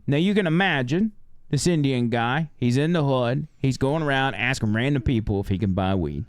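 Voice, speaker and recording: A man who drives for a rideshare service tells a story on a podcast, animated and acting out the people in it. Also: medium pitch, normal speed, no echo. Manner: animated, acts out the characters.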